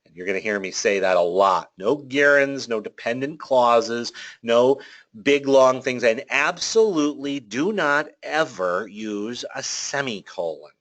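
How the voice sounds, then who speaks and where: A man's voice: medium pitch, unhurried. A man teaching a webinar on policy writing in a sarcastic, ranting way, peppered with "okay?" and "all right?". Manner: animated, sarcastic and ranting, with playful jabs. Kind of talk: informal webinar lecture.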